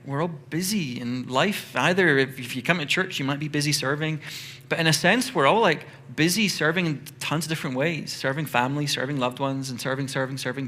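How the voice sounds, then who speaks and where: Bright, conversational male pastor. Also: medium pitch. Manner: conversational, animated storytelling. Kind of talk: sermon.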